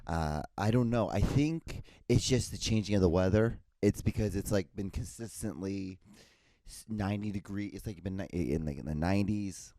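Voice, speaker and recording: A man with a fairly low, mellow voice rambles through a casual solo monologue, doubling back on himself and tossing in jokey asides. His voice is hoarse, as if he is losing it, and the sound is close and dry with no room around it. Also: normal speed, no room sound. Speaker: podcast host.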